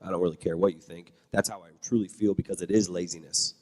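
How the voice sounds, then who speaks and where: A man's voice: low voice, fairly even intonation, fast, a little mellow, in a large hall. A man who is a church leader and parent, talking bluntly and with strong opinions on a panel. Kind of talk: panel talk.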